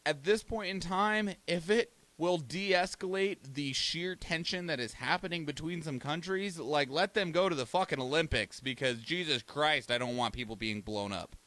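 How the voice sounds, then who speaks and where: A man's voice: fairly high pitch, normal speed, hardly any pauses, sharp tone. A young American man hosting a podcast, talking casually and profanely, rambling and acting out countries in mock voices. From United States. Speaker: podcast host. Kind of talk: casual solo commentary.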